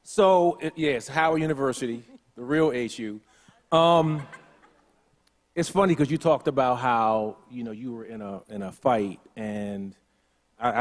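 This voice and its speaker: A man speaking on a church conference panel, starting haltingly and correcting himself. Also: mid-range voice. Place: church auditorium. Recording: long reverb in church hall.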